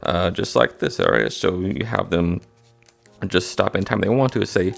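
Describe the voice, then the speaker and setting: Male card-magic teacher, casual and gravelly, keeps checking in with the viewer. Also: sits low, sing-song, normal speed, fairly bright tone. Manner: casual, repeats "all right?" to check in. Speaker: magic instructor. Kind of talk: card trick tutorial.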